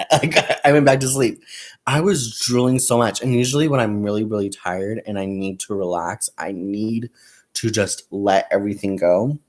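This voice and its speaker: A young crafting channel host speaks at a moderate pace in a lowish, slightly mellow voice during a casual livestream. He crochets and counts stitches out loud, tells stories with frequent laughter, and says "you guys" and "y'all" to viewers.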